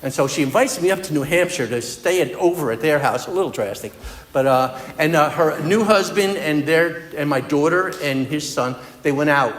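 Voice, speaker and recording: A man's voice: fairly high pitch, moderate pace, a bit bright. A man giving a personal recovery talk at a meeting, telling his story in an earnest, conversational way. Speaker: AA speaker. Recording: echoey hall with long reverb.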